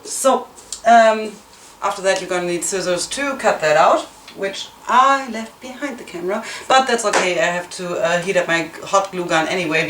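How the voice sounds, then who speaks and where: A woman's voice: fairly low pitch, normal speed, fairly bright tone. A woman hosting a casual crafting tutorial at home, rambling, chatty and self-mocking as she works. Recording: roomy, distant, noisy home recording.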